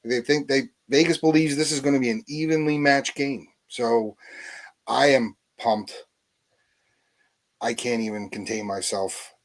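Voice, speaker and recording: A man co-hosting a casual sports podcast, eager and nervously excited, talking in long runs. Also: medium pitch, measured pace, poor audio. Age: adult. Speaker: podcast co-host.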